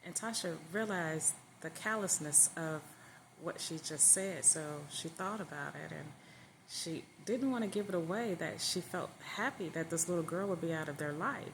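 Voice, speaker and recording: A woman telling a story aloud in a relaxed, conversational way. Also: fairly low pitch, normal speed, noisy background. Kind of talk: casual spoken storytelling.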